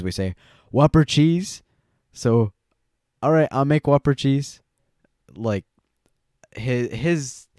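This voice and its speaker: Recorded dry in a clean studio, a young man with a fairly low, darkish, clean-toned voice co-hosts a podcast. His talk is casual and rambling, full of fillers and laughter.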